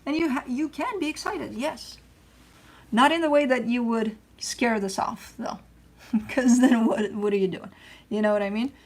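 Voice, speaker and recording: This tarot reader hosts a casual reading on her channel in a fairly high voice at normal speed. She chats loosely, drops slang and the occasional curse, and says things over again when coaching and reassuring.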